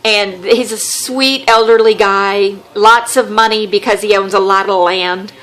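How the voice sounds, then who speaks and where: Woman, Southern accent, casual storytelling, wry and animated, mid-pitched voice. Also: a little slow. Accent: Southern American. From American South. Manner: animated, wry storyteller who acts out quotes. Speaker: podcast host.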